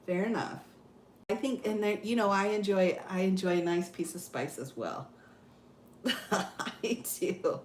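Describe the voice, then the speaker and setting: A woman's voice: medium pitch, unhurried, reverberant, slight background noise. A woman hosting a casual livestream, reading viewer comments aloud, laughing often and exclaiming "oh my goodness.". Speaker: livestream host.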